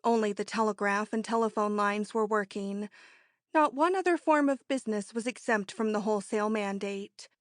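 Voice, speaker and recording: In clean studio sound with no echo, a woman with a mid-range voice narrates an audiobook. The scripted narration is delivered in an even, measured storytelling manner.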